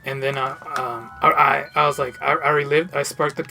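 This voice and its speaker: A young man chatting casually over a game, telling an animated, profane story and laughing often. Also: mid-range voice, normal speed, vocal fry, soft background music. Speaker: gameplay commentator. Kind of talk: casual let's-play chat.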